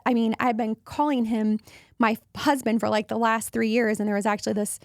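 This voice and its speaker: A woman in her thirties hosting a podcast, telling a personal story in a casual, animated way and acting out the voices of people she quotes. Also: brisk, gravelly, no room sound, clean studio sound. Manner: animated, acts out quoted voices with jumps in pitch. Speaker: podcast host.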